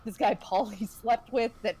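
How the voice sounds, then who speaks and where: A woman's voice: on the high side, moderate pace, dark tone, breathy edge. A young woman running a tabletop game, chatting casually and laughing often. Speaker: game master.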